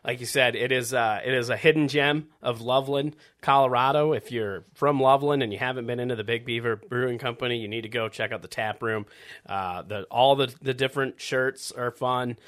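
A man's voice: medium pitch, fairly even intonation, fairly quick, fairly bright tone. A man hosting a casual podcast interview, friendly and enthusiastic, often restarting his sentences. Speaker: podcast host.

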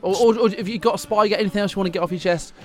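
Fast-talking radio host. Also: male voice, sits high, fairly even intonation, soft background music. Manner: quick, laughing banter. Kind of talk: casual sports radio chat. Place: radio studio.

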